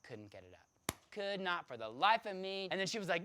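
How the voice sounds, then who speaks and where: An American man tells his own story to an audience with lively, swooping pitch and a bright, forward tone. He laughs often and slips into the voices of the people he describes. A faint hiss sits under his voice. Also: fairly quick. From United States.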